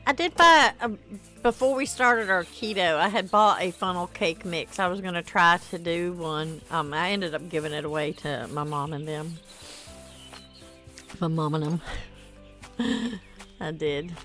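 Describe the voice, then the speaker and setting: A woman's voice: fairly low pitch, unhurried, long pauses, a bit bright, soft background music. A tired woman streaming a game, chatting casually and reading viewer comments aloud. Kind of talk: casual gameplay stream chat.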